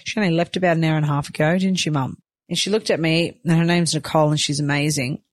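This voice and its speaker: A woman's voice: deep voice, steady tone, fast talker, dry recording, studio quality. A woman, a new mother talking openly and emotionally in a chatty personal vlog. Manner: open, emotional, chatty with many fillers.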